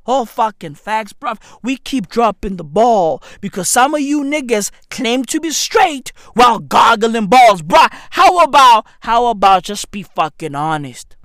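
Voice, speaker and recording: A man in his thirties delivering a brash, profane comedic rant to camera, with bursts of shouting. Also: extremely high pitch, animated, measured pace, few pauses, no echo, clean studio sound. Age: 30s. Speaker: vlogger.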